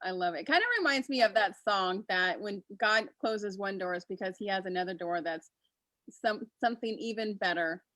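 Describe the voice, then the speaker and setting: A woman's voice: mid-range voice, a little fast, fairly bright tone, no room sound. Gushing woman co-host, dry sound. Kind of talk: casual talk-show chat.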